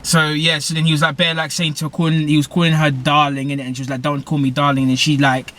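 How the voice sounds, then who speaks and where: Young British guy, slightly high voice, casual rambling reviewer with lots of fillers. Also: flat delivery, quick pace, fairly bright tone. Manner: rambling, full of fillers and self-corrections. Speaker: TV show reviewer. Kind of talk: casual episode recap.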